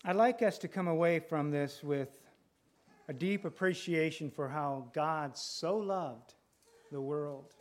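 A male preacher delivering a sermon with a deliberate, emphatic manner, often repeating phrases for effect. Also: a little high.

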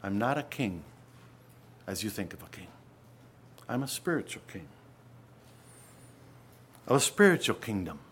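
A man voicing a calm figure quietly declaring he is a king of a spiritual kingdom. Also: on the low side, measured pace, long pauses, a little hiss or hum, pitched below the performer's own voice.

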